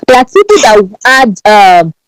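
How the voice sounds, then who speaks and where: A woman from Ibadan with a Nigerian Yoruba accent, speaking as a guest on a podcast in an emphatic, animated way and often repeating words. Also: mid-range voice, normal speed, no echo, low-quality recording. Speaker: podcast guest, branding strategist. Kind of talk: podcast interview.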